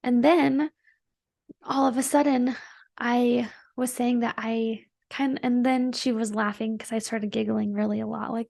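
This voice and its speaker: A woman's voice: a little high, steady tone, measured pace, creaky, a little mellow, no room sound, studio quality. A woman hosting a podcast, telling a personal story in a chatty, earnest and emotional way, full of "like" fillers. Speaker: podcast host.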